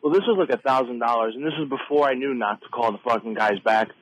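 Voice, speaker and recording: A man calling in to a podcast by phone, telling a story in a profane, animated way. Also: medium pitch, fast. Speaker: caller. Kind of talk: call-in storytelling. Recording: dull lo-fi phone line.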